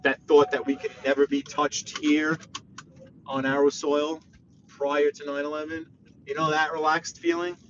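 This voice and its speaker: A man chatting casually on a live stream while he drives, excitable and reading viewer comments aloud. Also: a little high, a little slow. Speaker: livestreaming driver. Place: inside a car while driving. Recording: muffled lo-fi stream audio with faint road noise.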